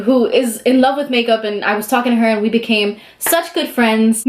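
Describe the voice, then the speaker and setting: A young woman vlogger telling a story in a casual, chatty way while she does her makeup, acting out the quotes. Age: young adult. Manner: animated, chatty, acts out quotes with high squeals.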